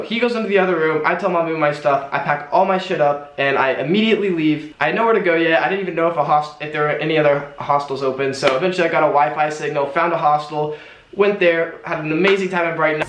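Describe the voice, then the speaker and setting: A young man telling a travel story to camera in an animated storytime vlog. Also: fairly high pitch. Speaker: travel vlogger. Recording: roomy echo.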